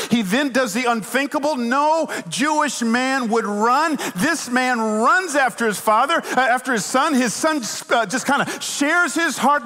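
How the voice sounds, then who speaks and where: A middle-aged man preaching a sermon as pastor, telling stories with animated swings from loud to hushed. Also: extremely high pitch. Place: church sanctuary. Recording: long reverb of a large hall.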